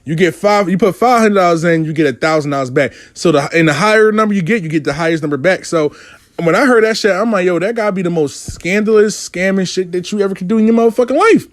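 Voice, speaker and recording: Animated, profane New man. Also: high voice, quick pace, dry recording. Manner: animated, profane street talk. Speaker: money coach. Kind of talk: casual storytelling monologue.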